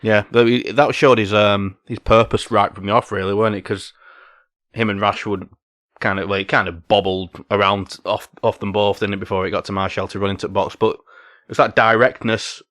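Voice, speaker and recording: A man's voice: fairly low pitch, little pitch movement, moderate pace, fairly bright tone, dry recording, studio quality. A man co-hosting a football podcast, chatting casually with many tag questions. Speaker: podcast co-host.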